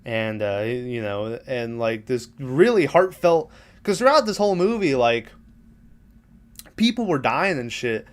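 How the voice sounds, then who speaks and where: This is a man with a smooth, clear voice at a middle pitch. He retells a film scene by scene in an easygoing, rambling way, dropping profanity and small laughs. He sounds like a relaxed podcast host chatting rather than reading. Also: measured pace. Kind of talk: casual movie recap.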